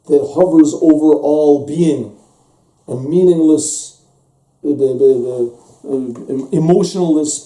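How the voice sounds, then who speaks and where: Rabbi with a dark, echoey distant sound. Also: male voice, on the high side. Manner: explains at length, repeats words, acts out little dialogues. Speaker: rabbi teaching a class. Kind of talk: religious text class. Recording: echoey room, mic set far off.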